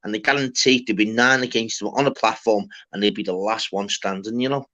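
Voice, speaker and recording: A man's voice: on the low side, steady tone, brisk, sharp tone. A young man with a Liverpool accent hosting a live online panel in casual chat, rambling and swearing, often asking "do you get me". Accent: Liverpool (Scouse). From Liverpool, England. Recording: slightly muffled online call audio.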